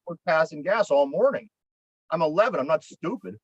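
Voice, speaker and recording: Pittsburgh guy with a high voice rambling through a story, swears a lot, dry muffled sound. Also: animated, normal speed, slightly rough, dry recording. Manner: rambling, profane, repeats words when worked up. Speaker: podcast co-host. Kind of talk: casual storytelling chat.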